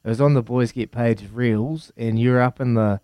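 A man from New Zealand with a New Zealand accent, trading laughs and stories as a breakfast radio co-host. His voice sits at a middle pitch. The mic is dry, with no room sound. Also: steady tone, moderate pace, dark tone, no room sound. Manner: jokey, laughing, storytelling. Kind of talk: casual breakfast radio banter.

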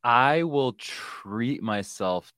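A woman co-hosting a casual recap podcast, animated and acting out quotes. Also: a bass voice, extremely slow, no room sound, studio quality. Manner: animated, restarts sentences, acts out quotes. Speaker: podcast co-host.

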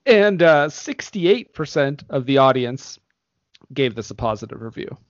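A man's voice: medium pitch, very animated, unhurried, dry recording, muffled recording. A man hosting a casual movie podcast, laughing often as he reads reviews aloud. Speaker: podcast host.

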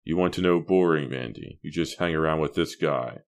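A man's voice: extremely low pitch, normal speed. A man voicing a wisecracking teenage boy. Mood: joking. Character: joking cheerful teenage boy friend.

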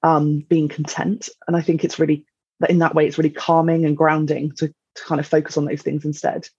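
A woman, speaking as a podcast guest in candid, reflective conversation, halting and full of fillers. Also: low voice, level tone, a little mellow, breathy edge, no echo, muffled recording.

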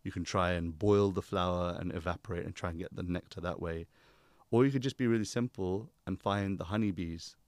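Deep-voiced calm man. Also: brisk, no echo, clean studio sound. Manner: calm, teacherly, uses analogies. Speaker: guest, spiritual speaker. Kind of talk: reflective conversation.

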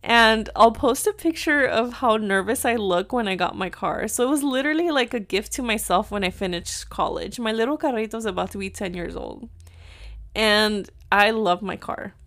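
Woman vlogger in her thirties, casual storyteller, fillers throughout, sprinkles in Spanish, medium pitch. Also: normal speed, fairly bright tone. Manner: chatty, filler-heavy, lots of "like"; mixes in Spanish words.

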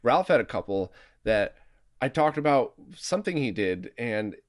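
Male podcast host, easygoing self-deprecating chat, average pitch. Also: very animated, moderate pace. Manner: chatty and self-deprecating, laughs easily. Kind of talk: casual podcast conversation. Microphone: remote recording mic.

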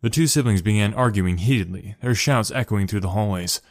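Low-voiced man reading a story. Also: fairly quick, dry recording, studio quality. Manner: steady narration, voices characters. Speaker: story reader.

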